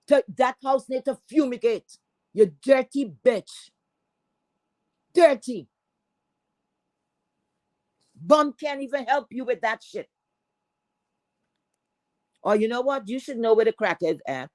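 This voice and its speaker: A woman with a Caribbean accent hosting a livestream, ranting hard, cursing and repeating herself, jumping between shouts and low mutters. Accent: Caribbean English. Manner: loud, cursing, repeats phrases, swings between yelling and muttering. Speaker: livestream host. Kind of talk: heated livestream rant.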